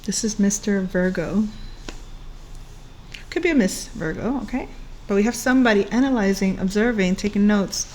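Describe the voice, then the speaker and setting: A woman's voice: mid-range voice, expressive, moderate pace, long pauses, a little mellow, a little hiss or hum. A woman giving a casual astrology reading, chatty and playful, breaking into laughs and bits of song. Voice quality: playful, chatty, laughs often and sings along. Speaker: astrology reader.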